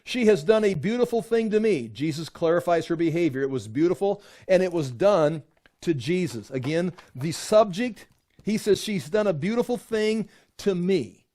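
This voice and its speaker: A man teaching a Bible study, lively and informal, acting out the quoted speakers as he explains the text. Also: normal speed. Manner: animated, acts out quotes with rising pitch.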